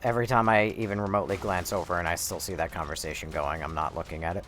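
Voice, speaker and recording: A man's voice: low-pitched, fairly even intonation, fast talker, fairly bright tone, faint music behind. A young man casually commentating a horror game on stream, rambling and swearing as he plays. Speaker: livestreamer playing a horror game.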